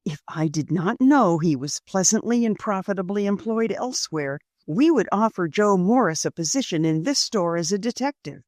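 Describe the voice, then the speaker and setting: A woman's voice: medium pitch, lively intonation, normal speed, few pauses, darkish tone, no echo, studio quality, natural voice. A woman voicing a formal, genial middle-aged store manager in a storybook reading, with courteous phrasing.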